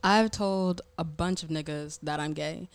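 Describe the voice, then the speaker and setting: A young woman with a lowish voice speaks bluntly and emphatically as she tells a story in a casual chat. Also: measured pace, clear, resonant tone, no room sound.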